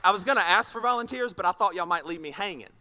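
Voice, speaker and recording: A man preaching a sermon as pastor, animated and often repeating words. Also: high-pitched, fast talker.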